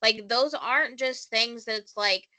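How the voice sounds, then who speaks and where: A woman's voice: a little high, a little slow. A woman co-hosting a pop culture podcast, chatting casually with lots of fillers and easy laughter. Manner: animated, laughs easily, many fillers. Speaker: podcast co-host. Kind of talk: casual chat.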